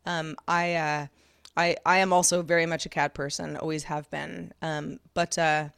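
A chatty woman co-hosting a podcast, talking casually from a garage studio. Her voice sits a little low and sounds dry and close, with animated, easy laughter. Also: moderate pace, gravelly, smooth, no room sound. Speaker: podcast co-host. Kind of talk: casual chat.

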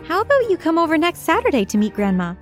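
A woman's voice: very high-pitched, wildly swooping pitch, fast, heavily acted. A woman voicing a sweet young girlfriend with a sinister side, speaking in a lilting, playful way over music. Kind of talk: storytelling. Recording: music behind.

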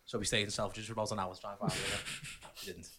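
A man co-hosting a casual podcast, teasing his friends and quick to crack jokes. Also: on the low side, level tone, background noise. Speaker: podcast co-host.

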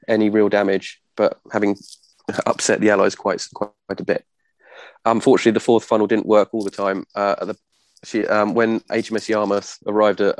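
A man giving an informal history talk from notes to a small audience, halting often with ums and self-corrections. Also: lowish voice, no echo. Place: room with a small live audience.

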